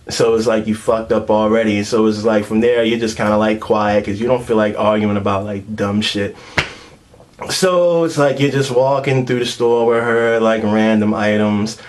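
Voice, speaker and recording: A man's voice: fairly low pitch, steady tone, moderate pace, a little hiss or hum. A young man telling a crude, comedic rant full of street slang and constant fillers.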